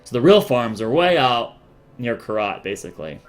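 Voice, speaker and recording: A man's voice: medium pitch, big pitch swings, normal speed. A man narrating a tabletop game as dungeon master, casual and rambling, with many fillers.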